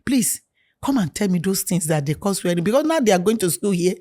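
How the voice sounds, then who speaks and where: A middle-aged African woman, appearing as a guest in candid conversation, tells stories with animation and acts out family dialogue. Her voice sits in the mid-range and moves fairly quickly.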